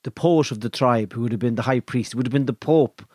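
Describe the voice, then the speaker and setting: An Irish man, a podcast co-host, retelling an old legend in a hushed, measured way with dramatic pauses. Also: medium pitch, no room sound, clean studio sound. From Ireland. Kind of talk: casual storytelling.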